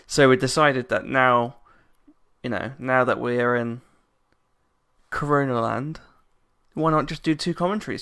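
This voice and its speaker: A male podcast co-host chats casually, rambling and breaking off mid-sentence, often laughing at his own jokes. His voice is gravelly, with a bright, forceful edge. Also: mid-range voice. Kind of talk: casual chat.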